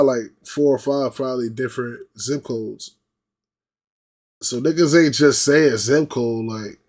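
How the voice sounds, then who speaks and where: A man talking loosely and slangily, circling back to repeat his point. His voice sits at an ordinary middle pitch, and he gets animated when he imitates other people. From New York. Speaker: reaction video host. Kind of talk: casual rambling chat.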